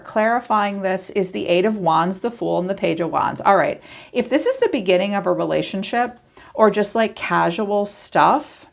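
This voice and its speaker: Woman, tarot reader, casual chatty delivery, thinks aloud, gravelly vocal fry, middle pitch. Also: animated, moderate pace. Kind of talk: casual tarot card reading.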